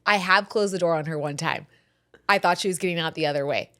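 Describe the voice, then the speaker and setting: A woman in her thirties hosting a podcast, telling animated family stories with frequent laughter. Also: fairly low pitch, fast talker. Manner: animated storyteller, laughs often. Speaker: podcast host. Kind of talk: casual chat.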